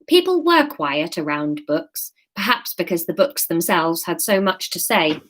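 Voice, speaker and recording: A woman's voice: on the low side, very animated, a little slow, fairly bright tone. A woman in her thirties reading her own story aloud, with playful, self-mocking asides.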